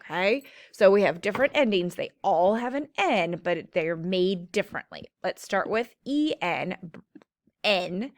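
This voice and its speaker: Woman, phonics teacher, slow deliberate pace, dry close sound. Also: medium pitch, expressive, no room sound. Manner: slow, clear, stretching out word sounds. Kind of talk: phonics lesson for children.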